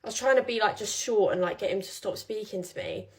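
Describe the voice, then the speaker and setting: A woman's voice: medium pitch, fast talker. Chatty young woman, rambling. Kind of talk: casual storytime vlog.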